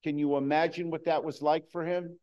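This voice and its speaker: Earnest preaching man, fairly high voice. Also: flat delivery, fairly quick, lo-fi sound. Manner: earnest, swings between hushed and emphatic. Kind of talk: sermon.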